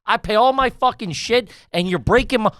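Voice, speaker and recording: A man's voice: sits high, a little fast, a bit bright, no echo, clean studio sound. A man co-hosting a comedy podcast, ranting in exasperated casual banter with lots of swearing. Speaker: podcast co-host.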